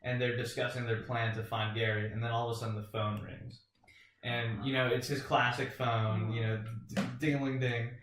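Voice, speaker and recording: A man's voice: medium pitch, level tone, moderate pace, a bit bright, far from the mic. A man hosting a podcast, steering the chat with laid-back prompts. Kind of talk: casual chat. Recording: echoey room, off-mic, faint noise.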